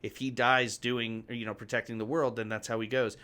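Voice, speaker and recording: A man's voice: mid-range voice, fairly quick. Laid-back man in candid podcast chat. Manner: relaxed, candid, swears casually. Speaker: podcast co-host. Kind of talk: casual movie review chat.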